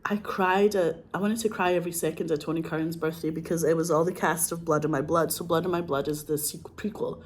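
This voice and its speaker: A Scottish woman, an actress, talking casually and excitedly, gushing and swearing, with a frog in her throat. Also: deep voice, fast talker, few pauses. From Scotland. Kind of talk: casual monologue.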